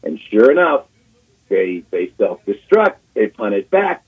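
A man in his sixties, a guest on sports radio, telling an animated story and acting out quotes, repeating himself as he goes. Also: on the low side, moderate pace, slightly rough. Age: 60s. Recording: phone-line call on radio.

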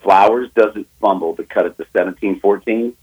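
A man talking on sports radio as a betting analyst, telling a story fast and with emphasis, acting out both sides of a phone call. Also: on the low side, slightly rough.

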